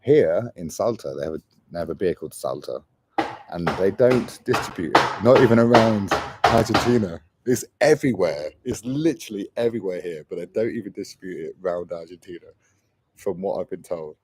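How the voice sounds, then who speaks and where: Low-voiced guy in his 40s rambling on a travel livestream, keeps saying mate. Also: animated, brisk, very noisy. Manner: rambling and chatty, says mate a lot. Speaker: travel vlogger. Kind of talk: casual livestream chat. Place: traveling in Argentina.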